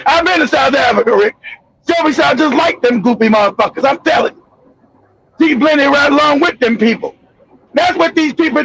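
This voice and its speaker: A man with a very high, gravelly voice rants through heated stream commentary. He shouts and curses often and trips over repeated words as he goes. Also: poor audio. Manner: shouting, profane, ranting. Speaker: host. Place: home streaming setup.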